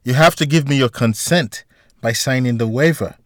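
A man voicing a woman hospital doctor who speaks in a forceful, clipped, insistent way. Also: medium pitch, normal speed, dry recording, clean studio sound, lightly acted. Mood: firm.

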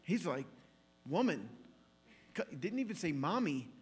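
Animated high-voiced male preacher. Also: measured pace, husky. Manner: animated, acts out quoted voices, laughs often. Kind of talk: storytelling sermon.

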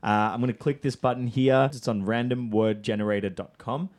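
A man's voice: medium pitch, fairly quick, a little mellow. A man hosting a podcast, leading a casual, upbeat brainstorm with his guests. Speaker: podcast host. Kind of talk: casual chat.

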